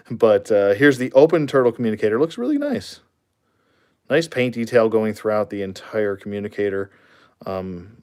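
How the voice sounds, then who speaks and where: A man with a somewhat low voice talks through a casual toy review. He rambles loosely, filling pauses and chuckling along the way. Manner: rambling, many fillers and chuckles.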